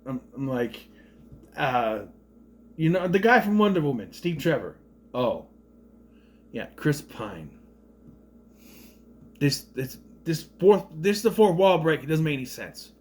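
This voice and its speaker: Animated high-voiced man ranting about a movie. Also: unhurried, pauses often. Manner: rambling, sarcastic, swears freely. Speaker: movie reviewer. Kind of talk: casual rambling movie commentary.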